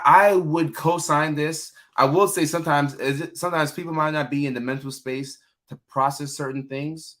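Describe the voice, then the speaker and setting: A man's voice: medium pitch, a bit bright. A man hosting a casual livestream, chatting freely with lots of fillers and reading viewers' names aloud. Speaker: livestream host, mental health clinician.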